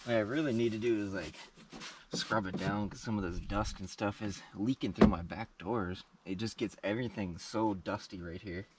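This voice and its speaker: A man's voice: fairly low pitch, normal speed, very noisy. A man in a casual vlog, rambling and self-deprecating as he tidies his van and talks to viewers through a camera mic. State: out of breath on the climb. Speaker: van life vlogger. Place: in and around a van, then on a wooded hiking trail outdoors.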